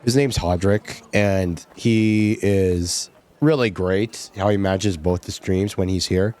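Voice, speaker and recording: Joking male streamer with a low voice. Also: steady tone, slow, darkish tone. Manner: joking, laughs often, repeats lines. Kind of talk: casual gameplay commentary.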